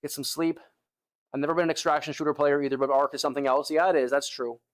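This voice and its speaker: Between sets, a young gym streamer sighs, his arms worn out from lifting, as he chats casually with viewers, peppering his talk with "bro" and "like." He talks fast in a slightly high voice with flat delivery.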